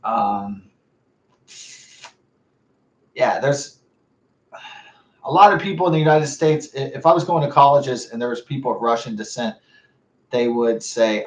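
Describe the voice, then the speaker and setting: A young man rambling in a halting monologue, full of fillers and restarts. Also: medium pitch, a little mellow. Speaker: vlogger. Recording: roomy, muffled, from a distance.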